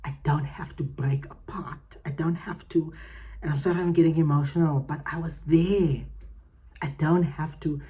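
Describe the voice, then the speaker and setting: A woman hosting her own podcast, giving heartfelt, emphatic motivational talk that swings between loud and soft. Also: sits low, fairly even intonation, moderate pace. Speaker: podcast host.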